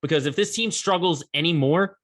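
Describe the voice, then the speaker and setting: A man's voice: a little high, a little fast, a bit bright. A man hosting a sports podcast, giving opinionated, conversational commentary with emphatic bursts.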